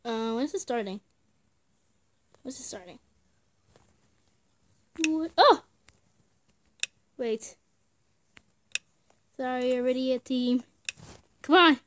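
A woman's voice: high-pitched, slow pace, long pauses, slight background noise. A young woman giving casual gameplay commentary in short outbursts, often screaming and laughing. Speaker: gamer.

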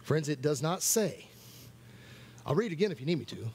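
A man's voice: a little high, very animated, a little fast, darkish tone, breathy edge. A man preaching at a worship night, earnest, repeating key phrases for emphasis. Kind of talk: sermon.

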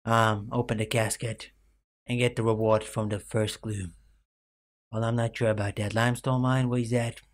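A man's voice: lowish voice, flat delivery, moderate pace. A young man giving rambling, self-mocking commentary over a game late at night, full of fillers, his voice cracking now and then. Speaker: gaming YouTuber.

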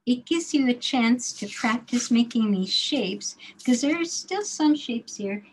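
A woman leads a drawing demonstration for her class, talking slowly and deliberately as she works. Her voice sits a little high, and she sometimes drops to a murmur to herself while she draws. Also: animated, husky, low-quality recording. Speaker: design drawing instructor.

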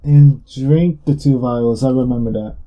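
A man's voice: mid-range voice, unhurried. Profane, rambling young man gaming. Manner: talks louder and more energetic than usual. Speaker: gaming YouTuber. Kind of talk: casual gameplay commentary.

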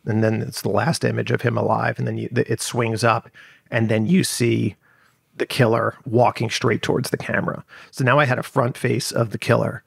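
A man with a gravelly, fry-edged voice recounts events as a podcast guest, circling back with fillers and restarts. The sound is dry and close, with little room around it. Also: mid-range voice, level tone, moderate pace, no echo. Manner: rambling, lots of fillers and restarts. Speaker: journalist guest. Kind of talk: conversational storytelling.

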